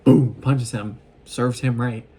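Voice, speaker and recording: A man casually recapping a show in an excitable, rambling way, often acting out what the characters say. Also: medium pitch, slow, slightly rough. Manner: excitable, gushing, acts out quoted lines. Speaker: vlogger recapping an anime.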